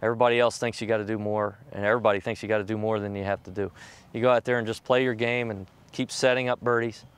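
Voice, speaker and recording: A middle-aged man, a professional golfer, telling candid stories in an interview, acting out other people's lines with jumps in pitch. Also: fast talker, clear, resonant tone. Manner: animated, acts out quoted voices with jumps in pitch.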